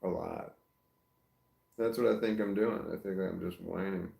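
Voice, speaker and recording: A man's voice: low voice, steady tone, normal speed, creaky. A man talking casually and self-reflectively to his camera, rambling, trailing off and restarting his sentences. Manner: soft baby-talk to his dog. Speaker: vlogger. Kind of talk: casual personal vlog. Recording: roomy echo.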